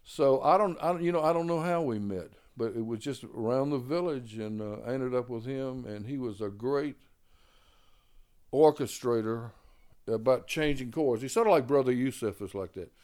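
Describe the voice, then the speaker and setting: Reminiscing about his beginnings in jazz, an older man tells rambling tales peppered with "man" and "you know." His voice is smooth and a little mellow at normal speed, and he performs quoted lines in a higher pitch.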